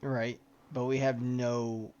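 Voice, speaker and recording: A man in a tabletop game session, speaking slowly and bluntly, with a teasing edge. His dull-sounding mic carries a faint hiss. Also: medium pitch, flat delivery, a little mellow. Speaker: player. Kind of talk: casual tabletop play chat.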